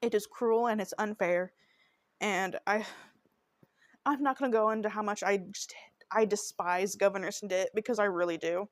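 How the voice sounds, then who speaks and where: A woman's voice: medium pitch, steady tone, moderate pace, no echo, studio quality. Earnest woman hosting a true crime podcast. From Oklahoma. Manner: earnest, emotional, heartfelt. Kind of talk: podcast narration.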